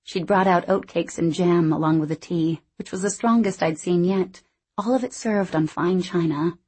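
A woman reading a first-person novel aloud as audiobook narrator, in a measured, expressive way. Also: fairly low pitch, husky.

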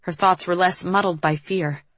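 A woman narrating a novel as an audiobook, in a steady storytelling manner. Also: fairly low pitch, moderate pace, no echo. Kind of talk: scripted narration.

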